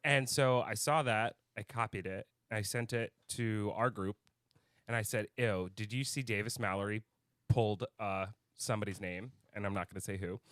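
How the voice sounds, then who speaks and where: A man's voice: on the low side, fairly even intonation, normal speed, fairly bright tone, no room sound, clean studio sound. A man co-hosting a podcast in casual chat, telling a story with heated anger and frequent swearing. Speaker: podcast co-host.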